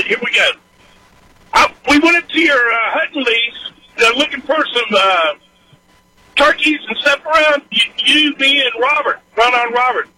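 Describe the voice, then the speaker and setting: A man's voice: extremely high pitch, bright, forceful tone, poor audio. A man calling into a radio show and telling a rambling folksy story. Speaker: caller. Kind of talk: storytelling on a call-in line.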